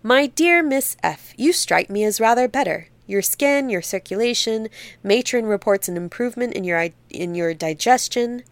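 A woman's voice: a little high, expressive, moderate pace, no echo, voice pushed up. A woman reading a story voices a pompous, self-assured Victorian male surgeon. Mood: condescending.

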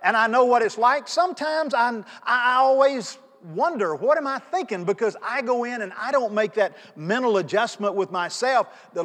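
A middle-aged man preaching a sermon, telling stories in a conversational way and swinging between soft asides and loud emphatic pleas. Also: very high-pitched, normal speed. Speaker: pastor. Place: church sanctuary. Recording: long reverb of a church sanctuary.

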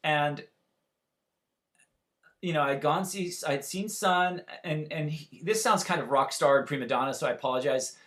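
A man in his forties telling a story in casual chat, animated and profane, acting out the quotes. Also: on the high side, moderate pace. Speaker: musician guest telling a story.

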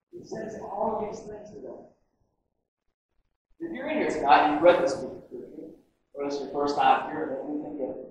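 A male pastor preaching a sermon, animated, moving between loud emphasis and quiet asides. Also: sits high. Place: church auditorium. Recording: echoey church hall, mic distant.

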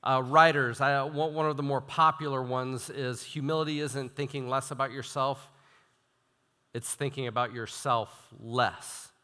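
Young man, preacher, sermon, animated, self-deprecating, long hall reverb. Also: medium pitch, a little slow, smooth. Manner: animated, self-deprecating, reads quotes with emphasis. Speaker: student minister. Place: church hall.

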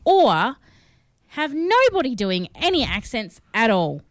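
A woman's voice: a little high, sing-song, slow, dry recording, studio quality. An Australian woman co-hosting a film review show, talking casually and with strong opinions, using lots of fillers. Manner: chatty, opinionated, with frequent fillers. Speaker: film review podcast co-host.

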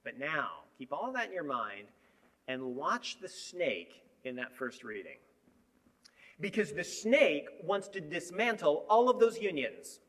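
Animated man preaching a lively sermon. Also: fairly high pitch, a little slow. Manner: animated, shifting between emphatic and hushed.

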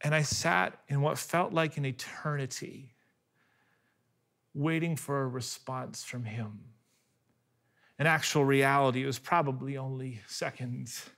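A man in his thirties preaching a sermon, telling a story with animated delivery, often restarting on repeated words. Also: medium pitch, unhurried, creaky, long pauses. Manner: animated storytelling, voice rising when excited and dropping soft for quiet moments. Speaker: pastor.

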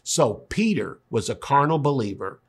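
A man's voice: mid-range voice, sing-song, moderate pace, slightly rough. A man teaching a sermon, retelling scripture in a conversational way with emphatic asides. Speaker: Bible teacher.

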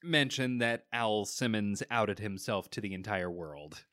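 A man co-hosting a relaxed comic book podcast talks slowly and hesitantly, with lots of fillers. His pitch swings widely as he talks. The recording is dry and close. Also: no room sound. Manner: hesitant, with many uhs and laughs. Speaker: podcast co-host. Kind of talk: casual comic book chat.

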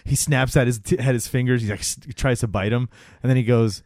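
A man in casual podcast chat, retelling a scene in a loose, profane, animated way. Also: medium pitch, brisk, no echo, clean studio sound.

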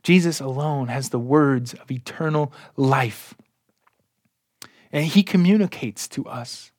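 A man preaching a sermon as a pastor, in a slow and earnest way, his voice often dropping soft at the ends of phrases. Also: medium pitch, dry recording, clean studio sound.

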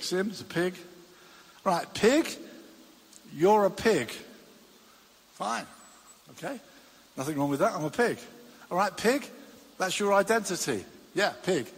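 A man preaching a sermon, animated and acting out his illustrations with little voices. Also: high-pitched, slightly rough. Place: church hall. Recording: long reverb of a church hall.

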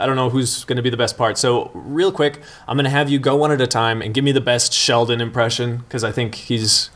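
A man's voice: medium pitch, fairly bright tone. Wry man running a comedy table read. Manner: wry, self-deprecating, reads stage directions. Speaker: comedy writer and host. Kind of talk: improv comedy banter.

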